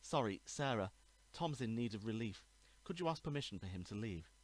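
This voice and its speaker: A man's voice: fairly low pitch, lively intonation. A man doing a chummy, posh young law student. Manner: brisk, chummy, slightly patronising. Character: friendly upper-class young male law student.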